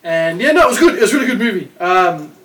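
A man's voice: high-pitched, big pitch swings, fast, fairly bright tone, distant mic. A man, co-hosting a podcast in casual chat, laid-back and rambling. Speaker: podcast co-host.

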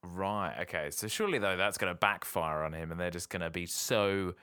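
A podcast co-host in casual chat, musing aloud and speculating about where a story is heading. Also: male voice, sits low, fairly quick, sharp tone, smooth, dry recording, clean studio sound. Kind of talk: casual chat, guessing plot.

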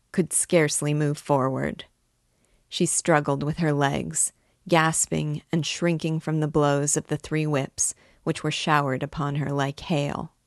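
A woman narrates a classic novel in a measured, even storytelling voice. Her pitch sits low and her pace is slow. The recording is dry and close. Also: no echo. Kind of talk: audiobook narration.

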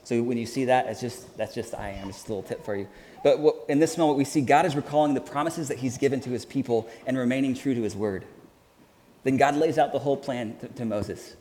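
A man's voice: mid-range voice, mellow, slight background noise. Man preaching in a reverberant hall. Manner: earnest, halting with frequent restarts. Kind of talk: sermon. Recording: hall reverb with faint ambience.

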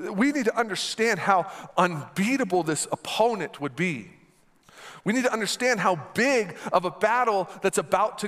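A man's voice: high-pitched, a bit bright. A man delivering an emphatic sermon as pastor, repeating lines and asking the congregation to answer back. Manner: emphatic, repetitive, call-and-response.

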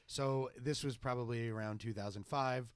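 A man's voice: medium pitch, fairly even intonation, normal speed, clean tone, no room sound. A man telling a wry anecdote in casual podcast chat. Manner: wry storyteller, bursts into loud mimicry.

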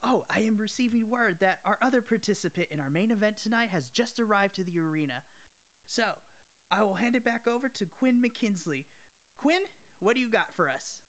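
A man's voice: high voice, animated, normal speed, fairly bright tone. A man voicing a male wrestling commentator with hyped broadcast patter.

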